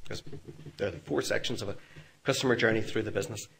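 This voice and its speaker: A man's voice: on the low side, fast, creaky, a bit bright. Man telling a work story. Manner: storytelling, self-deprecating humour. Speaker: conference speaker. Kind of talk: anecdotal business talk to an audience. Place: hotel function room.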